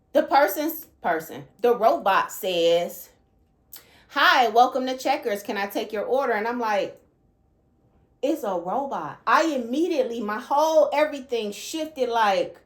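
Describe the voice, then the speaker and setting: Emphatic woman reading cards, tag questions. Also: on the high side. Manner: emphatic, keeps adding "okay?" and "all right?". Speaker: channel host, card reader. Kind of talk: casual spiritual card-reading talk.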